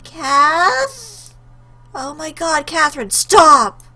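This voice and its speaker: A woman's voice: high voice, sing-song, slow pace, bright, forceful tone, voice pushed up, heavily acted. A woman voicing a worried young woman, a loyal friend, in a visual novel read-aloud, with an anxious, raised voice.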